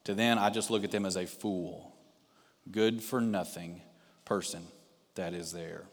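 A man's voice: sits low, steady tone, measured pace, big-room sound. A male pastor and missionary preaching a sermon, telling a personal story and putting direct questions to the congregation. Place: church sanctuary.

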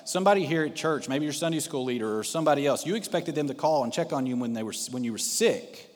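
A man's voice: fairly high pitch, animated, fast talker. Man preaching in a reverberant church. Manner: storytelling, asks the congregation direct questions. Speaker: pastor, missionary. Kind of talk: sermon with a personal story. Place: church sanctuary.

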